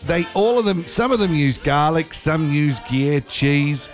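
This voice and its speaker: A man's voice: a little high, lively intonation, a little slow, faint music behind. A man with an Australian accent co-hosting a radio show, chatting and joking in a rambling way. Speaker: radio co-host. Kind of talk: casual banter on air.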